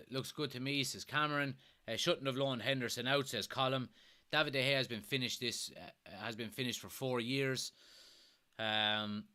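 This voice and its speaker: An Irish man with a Kilkenny accent hosts a live football watchalong, his voice bright and forward. He reads out viewer comments and vents in fed-up, swearing bursts at his team. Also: mid-range voice, clear, resonant tone. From Ireland. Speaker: fan watchalong host.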